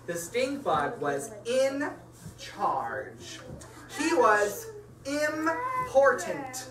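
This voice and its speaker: Animated woman reading a picture book aloud. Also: fairly high pitch, noisy background. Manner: animated and playful, chatting to the kids between pages. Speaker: storyteller reading to children. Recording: echoey room from far off. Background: children's chatter.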